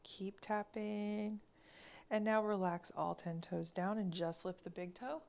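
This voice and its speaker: A woman instructor guiding a mobility class, cueing each movement calmly and counting down slowly. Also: medium pitch, vocal fry. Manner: slow, calm cueing with counted breaths. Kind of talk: guided exercise class.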